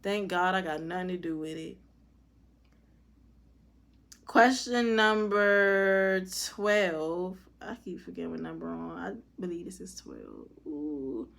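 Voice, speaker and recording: A young woman vlogger speaking, answering viewer questions in casual, candid, profane chat that drops soft and quiet at tender moments. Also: lowish voice, big pitch swings, normal speed, creaky, few pauses.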